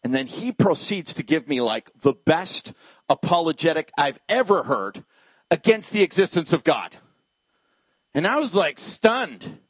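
A man preaching a sermon as a pastor, telling a personal story and acting out the dialogue, at times dropping to a hushed voice. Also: fairly high pitch, sing-song, measured pace, slightly rough, no room sound.

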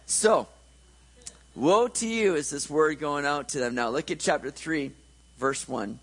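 A man's voice: a little high, unhurried, a bit bright, breathy edge, poor audio. A man preaching a conversational sermon, joking and checking in with his listeners.

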